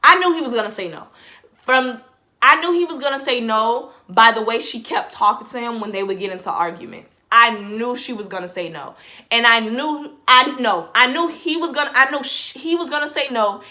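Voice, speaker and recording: Chatty woman vlogger with a bright voice. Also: fairly high pitch, normal speed. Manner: chatty, fills every phrase with "like", restarts sentences. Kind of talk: casual reaction commentary.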